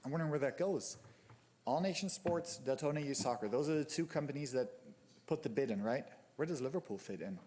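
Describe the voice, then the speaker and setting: A man at a city commission meeting's public comment podium, speaking with open anger and exhaustion. His voice sits in an ordinary middle pitch, and he repeats and restarts words as his frustration spills over. It is picked up by a podium microphone in a council chamber. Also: animated, a little fast, darkish tone. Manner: angry, exasperated, stumbling over words. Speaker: youth soccer club member speaking at public comment.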